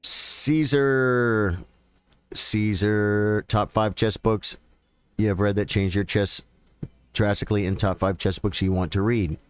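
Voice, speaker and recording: A man streaming chess, chatting casually with viewers and thinking out loud about his games. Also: fairly low pitch, steady tone, slow pace, clear, resonant tone. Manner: chatty, thinks aloud, addresses viewers directly. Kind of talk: casual live-stream commentary.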